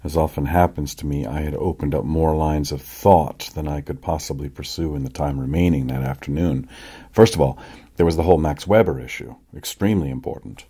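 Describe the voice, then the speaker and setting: A man narrates an audiobook in a measured, reflective first-person voice. His register is very low and dark. The tone carries a husky grain.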